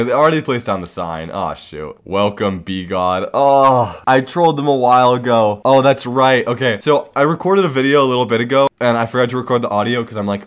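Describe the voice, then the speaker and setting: A young man narrates his gameplay in a casual, excitable way, half talking to himself. His voice sits a little low for a man. He sounds like he is speaking into a desk microphone. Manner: excitable, giggly, talks to himself while trolling players. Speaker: Minecraft server owner and YouTuber.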